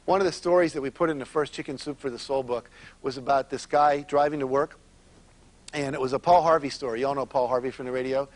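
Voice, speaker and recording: A man with a mid-range voice talks fast as a motivational seminar speaker, animatedly telling stories and addressing his audience directly.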